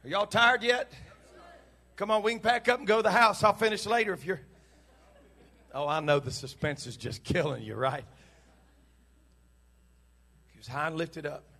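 A man preaching a sermon to his congregation in church, fervent and shouting at its peaks, then dropping into casual joking asides. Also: sits high, fairly even intonation, moderate pace, pauses often. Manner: impassioned preaching that builds to shouts. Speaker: pastor.

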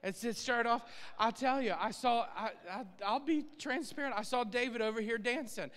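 A man preaching a sermon in an animated way, laughing often and acting out his own prayers, recorded in a church sanctuary. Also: very high-pitched, normal speed, smooth. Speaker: pastor. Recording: long reverb of a church hall.

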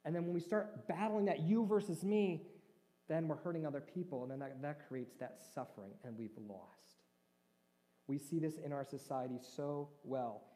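A man's voice: on the high side, normal speed, warm tone. Man preaching a chatty sermon in a hall. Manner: conversational, jokes with the congregation. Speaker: pastor. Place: church hall. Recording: reverberant church hall.

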